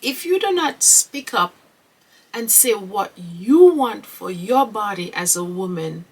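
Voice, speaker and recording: Female podcast host, slow and husky, earnest and emphatic, slightly off-mic. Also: mid-range voice, animated, a little mellow, distant mic, poor audio. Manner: earnest and emphatic, with rhetorical questions and "okay?" asides. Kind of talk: solo podcast commentary.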